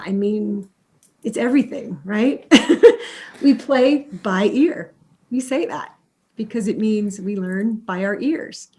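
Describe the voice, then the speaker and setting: Animated middle-aged woman music therapist. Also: mid-range voice. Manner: animated, storytelling with acted-out quotes. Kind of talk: conversational interview answers.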